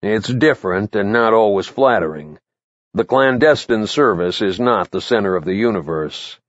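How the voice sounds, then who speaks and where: A man voicing a gruff, blunt male spy-chief mentor who barks curt advice in short bursts. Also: fairly low pitch, expressive, moderate pace, no room sound, highs cut off, natural voice. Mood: brusque.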